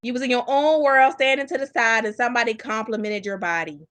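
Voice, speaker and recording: A woman's voice: fairly high pitch, brisk, a bit bright. A woman giving blunt, mocking reaction commentary.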